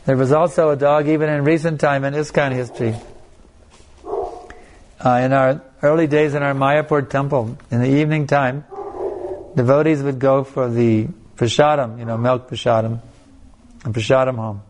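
Speaking at normal speed in a medium-pitched, steady, darkish voice, this man works as a spiritual teacher. He answers audience questions and tells stories, with many restarts and bursts of laughter.

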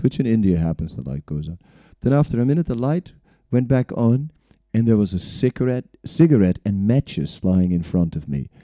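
A man's voice: deep voice, dark tone, no room sound, clean studio sound. A man, not an English speaker, telling stories from his own life in a rambling way, with frequent chuckles and "right?" tags. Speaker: speaker recounting his spiritual journey. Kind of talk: storytelling talk.

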